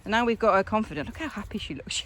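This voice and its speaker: A woman, working as a dog trainer, chatting casually to camera on a walk and praising the dogs in bright sing-song bursts. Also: medium pitch, animated, racing. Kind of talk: casual vlog chat while training dogs outdoors. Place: outdoors on a walk.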